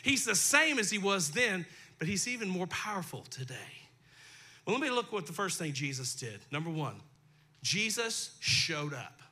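A man's voice: sits high, very animated, normal speed, bright, forceful tone, husky. A male pastor preaching a sermon in a folksy, conversational way, talking directly to his congregation, his throat dry. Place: church sanctuary.

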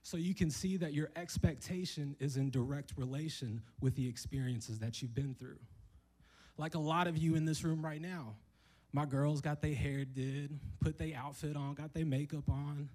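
A guest speaker preaches a sermon to a congregation in a church hall, loose and joking, acting out the people in his story. His voice is fairly high-pitched with a darkish tone, at a moderate pace, on a rough recording.

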